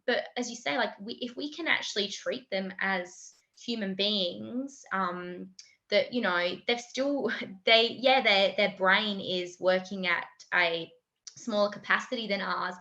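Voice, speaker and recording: A woman's voice: mid-range voice, bright, forceful tone, muffled recording. A woman guest on a podcast, explaining her views in an earnest, thoughtful way. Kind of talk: casual conversational interview.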